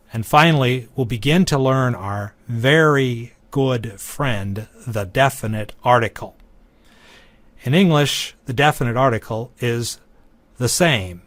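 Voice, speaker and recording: A man giving a recorded lecture, teaching in a measured, deliberate way. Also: medium pitch, no room sound.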